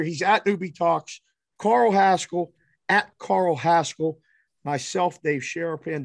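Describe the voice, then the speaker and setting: A middle-aged man hosting a podcast, telling a casual story in an animated, profane, self-deprecating way. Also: sits high, dry recording, studio quality. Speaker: podcast host.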